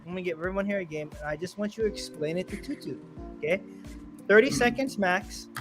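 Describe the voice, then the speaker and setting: A man's voice: high-pitched, fast, music in the background. A man hosting a casual gaming podcast, talking energetically and laughing often. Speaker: podcast host.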